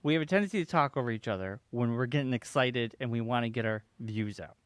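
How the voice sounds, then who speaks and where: A man's voice: medium pitch, fast, clear, resonant tone, no room sound. A man hosting a casual podcast chat, loose and hesitant with many ums as he steers the talk. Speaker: podcast host.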